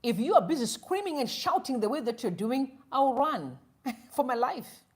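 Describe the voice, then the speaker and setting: Mixing Shona into her English, the Zimbabwean livestream host shares opinionated commentary and acts out both parties in a story she's telling. She speaks at normal speed in a high, animated voice.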